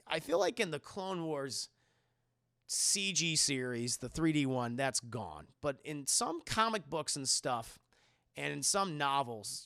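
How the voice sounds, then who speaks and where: A man's voice: fairly high pitch, vocal fry, pushed and bright, no echo, clean studio sound. A man hosting a livestream, answering viewer questions in casual, rambling chat, swearing and laughing often. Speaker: livestream host.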